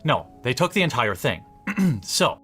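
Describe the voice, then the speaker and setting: A man speaking a monologue to camera, laying out his argument in a measured way with rising endings. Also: medium pitch, very animated, bright, forceful tone, breathy edge, faint music behind, exaggerated voice. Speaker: commentator in a played video.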